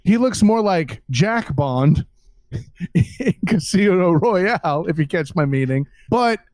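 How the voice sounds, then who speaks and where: A man's voice: high voice, animated, takes it slowly, darkish tone, no echo. A man co-hosting a casual chat, blunt and rambling, swearing for emphasis. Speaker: podcast co-host.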